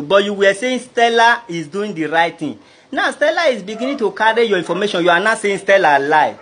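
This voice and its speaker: A man's voice: high-pitched, animated, brisk, a bit bright. A man with a Nigerian Pidgin English accent telling a personal grievance to camera in a rambling, indignant way. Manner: indignant, rambling, addresses the listener directly. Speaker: vlogger. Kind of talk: aggrieved personal storytelling to camera.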